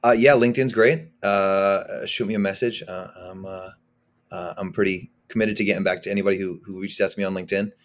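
A man's voice: sits low, fairly even intonation, fairly quick. A man speaking as a guest on a podcast, talking casually and emphatically, often repeating words as he starts a thought. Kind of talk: casual conversational interview.

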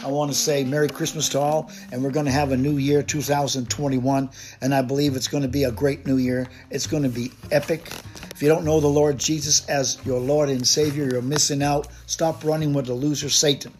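A man's voice: mid-range voice, flat delivery, fairly quick, a little mellow. A man preaching a recorded devotional sermon as a missionary, fervent and repetitive, declaiming scripture. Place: Japan.

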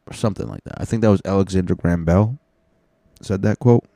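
Young male podcast host, very deep voice, dry close sound, loose and profane ramble. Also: fast, mellow, no echo. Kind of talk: casual rambling solo podcast.

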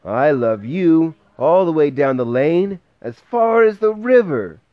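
A man voicing a small, eager young male hare in a bedtime storybook reading, raising his voice higher and louder for the part. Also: slow, dry recording, highs cut off. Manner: excited, earnest, higher than the reader's voice.

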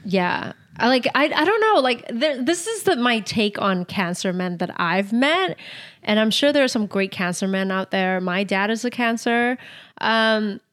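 Young female podcast co-host, fairly high voice, blunt, giggly, swears freely. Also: animated, measured pace, a bit bright. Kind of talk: casual chat.

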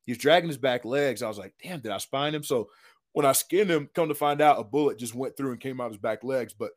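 A man, a retired football lineman, telling a hunting story in a casual, animated, slangy way, full of "dude" and "man". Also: mid-range voice, fairly quick.

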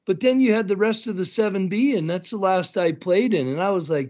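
A man in his fifties from Blackfeet country in Montana, a podcast guest telling stories in an animated, laughing way and swearing freely. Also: high voice, a little fast, few pauses. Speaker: podcast guest, tournament announcer. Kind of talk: casual storytelling chat. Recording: dull lo-fi recording.

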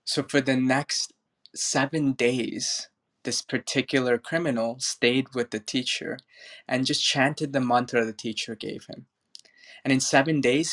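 A man gives a spiritual talk in an online audio room, speaking into his phone. He tells a parable earnestly in a mid-pitched voice, slowing down to stress key words. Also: fairly bright tone.

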